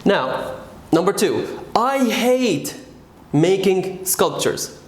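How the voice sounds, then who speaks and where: A man teaching an English grammar lesson, patient and stressing key words slowly. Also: high voice, sing-song, echoey room, slight background noise.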